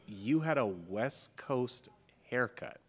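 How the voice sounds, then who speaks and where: A young man in casual conversation, animated and profane, peppering his talk with "like". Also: mid-range voice, slow pace, slightly rough. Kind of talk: casual chat.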